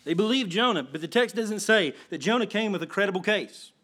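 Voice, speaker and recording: Male pastor preaching, highish voice, keeps restarting then hits it hard. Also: animated, brisk, fairly bright tone. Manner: earnest preaching with many restarts and emphatic swells. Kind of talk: sermon.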